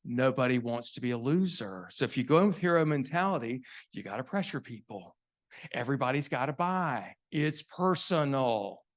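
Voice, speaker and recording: A man's voice: mid-range voice, expressive, normal speed. Man telling a story in a sales talk. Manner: conversational, rhetorical questions to the audience. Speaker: sales consultant giving a keynote. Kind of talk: live business talk with storytelling. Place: event venue before an audience.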